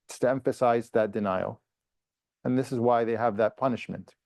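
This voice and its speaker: A man teaching a class, moving between plain explanation and chanted recitation of verses. His voice sits at an ordinary middle pitch. The sound is dry and close, with no room echo, and he turns to his students with questions. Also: lively intonation, quick pace, gravelly, darkish tone. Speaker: Quran teacher. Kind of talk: classroom tafseer lesson.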